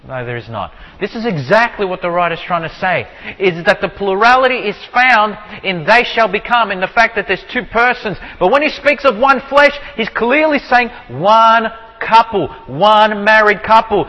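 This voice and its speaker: A man teaching from the Bible in sermon style, asking his listeners rhetorical questions and slowing down to stress key phrases. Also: high voice, sharp tone, lo-fi sound. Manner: asks the audience many rhetorical questions. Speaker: preacher teaching on scripture. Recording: long hall reverb.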